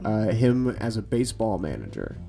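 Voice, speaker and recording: A man's voice: fairly low pitch, huge pitch swings, normal speed, gravelly, over music. A man hosting a casual podcast about bad tapes, joking and laughing often. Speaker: podcast host.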